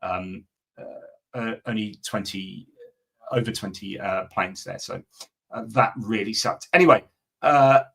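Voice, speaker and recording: A man's voice: fairly low pitch, a little slow, vocal fry, fairly bright tone, husky. A middle-aged man hosting a live stream, chatting casually and answering viewer comments, with lots of fillers and restarts. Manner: rambling, many fillers and restarts.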